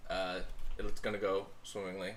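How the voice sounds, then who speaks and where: A man co-hosting a podcast, telling a travel story in a casual, animated way with many pauses and fillers. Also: low voice, a little hiss or hum. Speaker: podcast co-host back from travel. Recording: echoey room.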